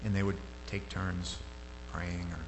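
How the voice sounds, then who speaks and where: A man preaching a sermon in a loose, conversational way. His voice jumps up sharply when he gets animated. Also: low-pitched, measured pace, vocal fry, music in the background. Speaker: pastor. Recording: hall reverb with faint hum.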